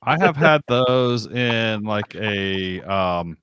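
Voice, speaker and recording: A man co-hosting a casual podcast chat, speaking haltingly with many restarts. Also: fairly low pitch, lively intonation, fairly bright tone, clear, resonant tone, no room sound.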